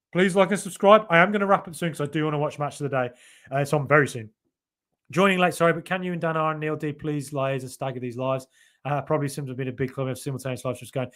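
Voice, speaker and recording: A man hosting a football podcast live stream, reading out viewer comments and chatting back. His delivery is loose and rambling, full of fillers and false starts. His voice sits a little higher than most men's. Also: fairly bright tone.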